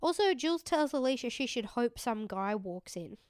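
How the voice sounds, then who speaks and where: A sarcastic woman co-hosts a casual podcast, blunt and quick to swear. Her voice is smooth and a little high, recorded close in a dry room. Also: animated, a little mellow, no room sound. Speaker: podcast co-host. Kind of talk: casual chat recapping a reality show.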